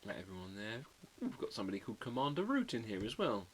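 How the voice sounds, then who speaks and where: Chatty stream host, lowish and lively voice, muttered asides, faint tape-like hiss behind. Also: male voice, quick pace. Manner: chatty, reads out viewer comments while drawing, quietly muttering asides. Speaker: livestream host drawing a card. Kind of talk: casual live-stream chat.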